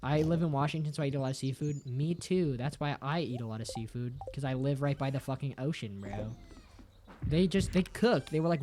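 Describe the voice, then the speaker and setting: A man's voice: mid-range voice, brisk, dark tone, slight background noise. Profane joking male streamer. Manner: crude, profane, joking, reads chat aloud; mock-dramatic, playful teasing. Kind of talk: casual game stream chat. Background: faint game music.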